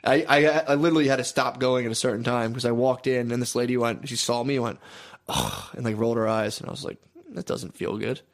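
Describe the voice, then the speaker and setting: A young man in casual, profane banter, rambling and animated, acting out what other people said. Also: mid-range voice, quick pace, few pauses. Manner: rambling, animated, swears a lot, acts out others' lines.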